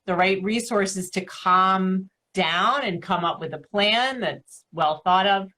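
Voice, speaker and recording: A woman co-host talks at a middling pitch in a loose, conversational way. She leans on repeated words for emphasis and fills her sentences with casual fillers. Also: slow, pushed and bright. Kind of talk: casual talk show chat.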